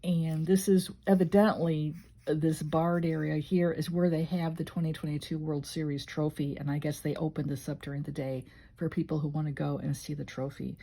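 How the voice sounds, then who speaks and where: A woman's voice: low-pitched, little pitch movement, moderate pace, dark tone. An older woman from Illinois chatting casually and emotionally as she flips through her journal. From Illinois, USA. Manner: rambling, emotional, conversational. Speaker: journaling vlogger.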